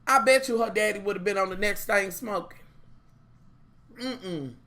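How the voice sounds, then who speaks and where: A woman's voice: mid-range voice, moderate pace. A woman reviewing a TV show in a casual chat, blunt and profane, talking straight to her viewers. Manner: animated, opinionated.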